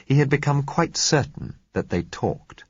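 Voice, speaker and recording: A man narrating an audiobook in a measured, reflective way. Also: mid-range voice, big pitch swings, slightly rough, no room sound. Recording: muffled lo-fi recording.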